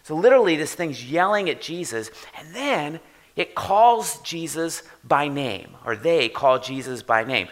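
A man preaching a sermon in a conversational way, often checking in with "right?" and swinging from quiet to loud for emphasis. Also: a little high, lively intonation, moderate pace. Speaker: pastor.

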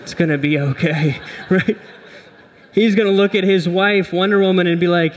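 A man's voice: sits high, moderate pace, long reverb tail. A man preaching a sermon as pastor, conversational and humorous, often checking in with "right?".

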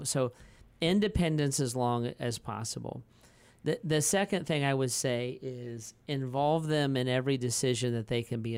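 A man in his forties with a smooth, resonant voice, chatting on a podcast like a pastor talking things through. He rambles through stories with lots of fillers and restarts and laughs easily. His voice sits at an ordinary pitch and sounds dry and close. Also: no echo. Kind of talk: casual podcast conversation.

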